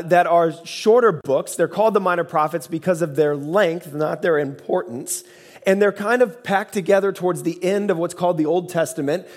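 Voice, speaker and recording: A man's voice: fairly high pitch, a little mellow. Man preaching a conversational sermon. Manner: conversational, storytelling with dad jokes. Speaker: pastor.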